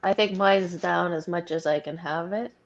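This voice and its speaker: A woman co-hosting a casual live stream, cheerful and giggly, making quick asides. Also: lowish voice, dull audio, a little hiss or hum. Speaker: co-host.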